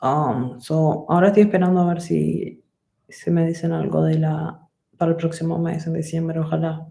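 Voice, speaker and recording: A woman's voice: low voice, steady tone, brisk, creaky, mellow, echoey room, slight background noise, low-quality recording. A woman boxer with a Spanish accent and Spanish as her first language, chatting loosely and swearing freely on a casual live stream. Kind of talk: casual live-stream chat answering comments.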